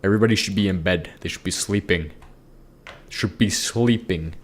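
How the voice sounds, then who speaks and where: A sleep-deprived Minecraft YouTuber rambles goofily over gameplay, mocking himself as he goes. His voice is deep and his speed normal, with slight background noise.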